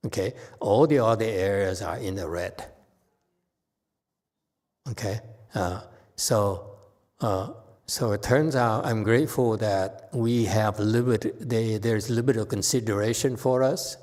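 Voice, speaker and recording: A man with a low voice gives an unhurried Buddhist Dharma talk, speaking very slowly. His delivery is halting, with frequent restarts and a questioning "okay?" tagged onto his points. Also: darkish tone. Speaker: Buddhist teacher. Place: temple hall.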